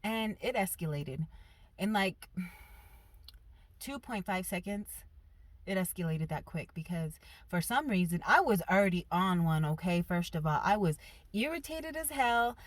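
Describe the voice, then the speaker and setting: A woman vlogger telling a personal story in a casual, animated and emphatic way. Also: fairly low pitch, unhurried, no echo.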